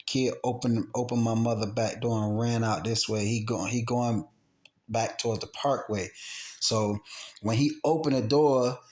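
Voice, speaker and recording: A man's voice: medium pitch, unhurried. A man casually telling a personal story, acting out quotes and sound effects and often repeating himself. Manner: animated, acts out gunshots and quotes, repeats himself. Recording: roomy echo.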